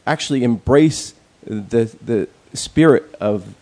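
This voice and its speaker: A man's voice: medium pitch, takes it slowly, a little mellow. A man in a casual chat, rambling with many fillers and restarts and speaking bluntly, with some profanity.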